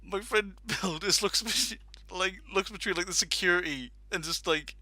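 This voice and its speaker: Man, casual storyteller, animated anecdote, sharp bright tone, dry close recording. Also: sits high, moderate pace, no echo. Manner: animated anecdote with laughs and acted-out quotes. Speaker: podcast host telling a story.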